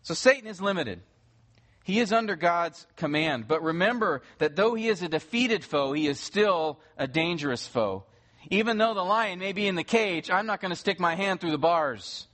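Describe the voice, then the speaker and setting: A pastor preaches a sermon in a high-pitched, fairly bright male voice with lively intonation and a moderate pace. He walks through scripture step by step, earnest throughout, and rises to urgent emphasis at the key points.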